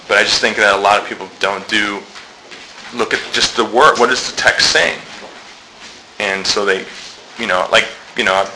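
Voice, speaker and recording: Bright-voiced man in casual church talk. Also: fairly low pitch, a little hiss or hum, poor audio. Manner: chatty, laughs often, acts out quoted remarks. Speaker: discussion group member. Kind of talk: casual church group discussion.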